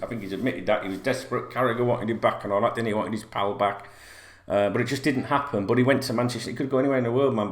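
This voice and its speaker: A man's voice: lowish voice, fairly bright tone. A middle-aged man hosting a football fan channel, talking bluntly and rambling in a sweary rant to camera. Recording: roomy echo.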